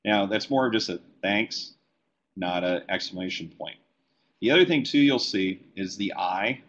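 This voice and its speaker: A man who letters comic books, teaching a live software tutorial and talking easily as he works on screen. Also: on the low side, moderate pace, muffled recording. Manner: relaxed, talks while working on screen. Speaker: comic book letterer and design educator.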